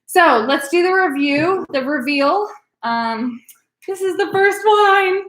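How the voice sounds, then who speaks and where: A woman's voice: very high-pitched, expressive, slow pace, a bit bright, roomy sound. A woman leading a live online wine tasting class as instructor, upbeat and coaching, with frequent ums. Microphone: video call.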